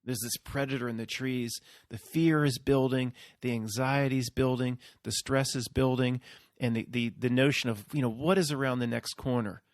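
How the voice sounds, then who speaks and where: A man's voice: medium pitch, steady tone, moderate pace, no echo, clean studio sound. A man hosting his own video, talking in a rambling, casual monologue and often checking in with his listeners. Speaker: video host.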